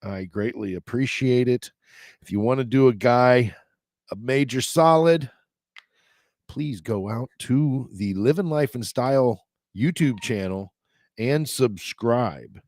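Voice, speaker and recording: A man's voice: medium pitch, takes it slowly, darkish tone, dry recording. A man hosting his own daily travel update in a casual, rambling way, with filler words and side remarks. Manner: chatty, rambling asides with fillers. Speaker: travel show host.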